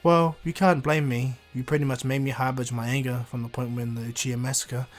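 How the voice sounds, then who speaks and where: A man's voice: medium pitch, little pitch movement, a little fast, faint music behind, natural voice. A man doing a blunt serious young ninja.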